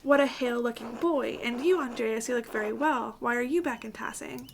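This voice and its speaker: Woman doing a kind old-world midwife, soft-spoken, slight fry. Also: fairly high pitch, brisk, a little hiss or hum. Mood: gentle. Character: kindly village midwife, gentle and discreet.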